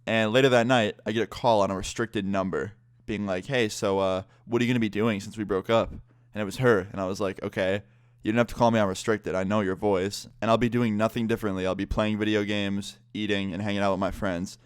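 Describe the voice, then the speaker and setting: A man's voice: on the low side, steady tone, brisk, smooth, no room sound, clean studio sound. A young man casually telling a personal story, exasperated and swearing often.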